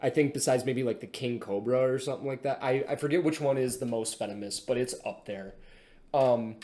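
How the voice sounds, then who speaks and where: A man's voice: medium pitch, fairly quick, dark tone. A man co-hosting a podcast, telling stories in casual chat, swearing freely and breaking into laughter. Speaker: podcast co-host.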